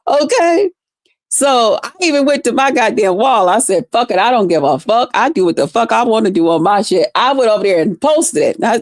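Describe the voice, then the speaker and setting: A woman with a fairly high voice tells a storytime vlog, swearing freely and bursting into animated, loud reenactments. The sound is dry and close, with no room around her. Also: no echo. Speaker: vlogger. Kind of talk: casual storytime monologue.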